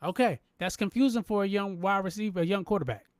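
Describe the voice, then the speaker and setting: High-voiced, fired-up man hosting sports talk. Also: quick pace, no room sound, studio quality. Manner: animated, emphatic, repeats phrases, talks to chat. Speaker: podcast host. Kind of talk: live-stream sports talk.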